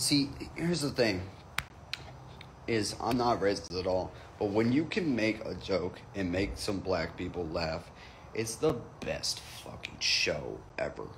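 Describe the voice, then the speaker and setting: A man's voice: on the low side, a bit bright, slight background noise. A man telling a comic anecdote in a casual, profane way, jumping into quoted voices. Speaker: comedian telling a story.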